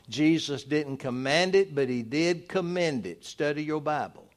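A pastor, preaching a sermon in an emphatic, exhorting manner. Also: male voice, normal speed, few pauses. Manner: preachy, emphatic, rising to loud exhortation then dropping low.

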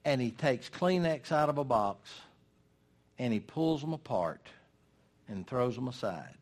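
An older male preacher delivers a sermon in an emphatic, folksy style, using dramatic pauses. His expressive voice sits at medium pitch and drives each point home.

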